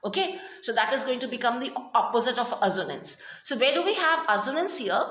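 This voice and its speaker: A woman with an Indian English accent teaches a recorded lesson, her high voice moving up and down a lot. She explains patiently and keeps checking in with her class. The room gives her voice a noticeable echo. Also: sing-song, fairly bright tone. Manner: explains slowly with many "okay" and "fine". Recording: roomy echo.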